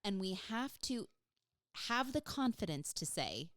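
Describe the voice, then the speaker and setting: A woman co-hosting a podcast in casual chat, telling stories with animated, laughing delivery. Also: mid-range voice, a little slow, no room sound, studio quality. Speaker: podcast co-host.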